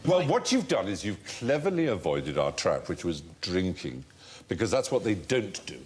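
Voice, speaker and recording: Lively storytelling man hosting a quiz. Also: sits low, normal speed. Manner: animated anecdotal, puts on voices for quotes. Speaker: quiz show host. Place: TV studio before an audience.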